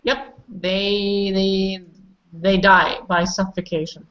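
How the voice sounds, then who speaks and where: A woman's voice: mid-range voice, level tone, slow. Female pronunciation teacher, patient and corrective, on muffled lo-fi call audio. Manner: patient, correcting and prompting students. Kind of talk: online class instruction.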